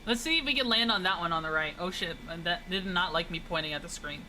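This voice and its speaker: A woman's voice: on the low side, fast talker, sharp tone, slight background noise, rough recording. A young woman streaming a flight game, chatting casually and teasing her chat in a playful way.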